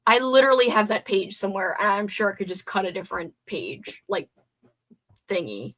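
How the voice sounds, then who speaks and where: A woman's voice: medium pitch, animated, normal speed, fairly bright tone. A young woman hosting a casual livestream, chatting to herself as she crafts and sometimes swearing under her breath. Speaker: livestream host.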